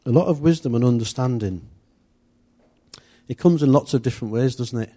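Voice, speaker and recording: A man's voice: mid-range voice, fairly quick, mellow, breathy edge. A man giving an informal, chatty church teaching, rambling a little with restarts and asides. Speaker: church leader.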